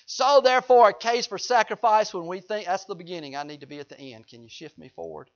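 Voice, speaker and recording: A man's voice: high-pitched, fast talker, creaky. A man preaching a sermon in a folksy way, joking with the congregation. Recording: dull lo-fi recording.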